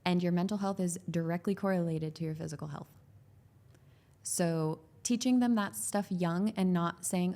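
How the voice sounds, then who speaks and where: A woman's voice: on the low side, steady tone, unhurried, pauses often, mellow. A woman who works as a growth coach and is a parent of young children. She talks about parenting as a podcast guest, in an earnest, loose way with many "like"s and restarts.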